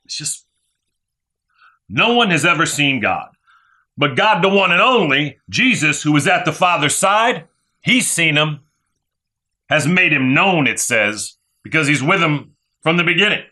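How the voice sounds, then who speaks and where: Male pastor, middle-aged, preaching with fervor. Bright, animated delivery with lots of repetition. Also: on the high side. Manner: fervent preaching, repeats phrases, asks "right?". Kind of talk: sermon.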